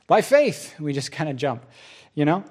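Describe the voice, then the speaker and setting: A middle-aged pastor preaching a sermon, telling stories with lots of voiced quotes. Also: male voice, a little high, normal speed. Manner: animated storytelling with many voiced quotes.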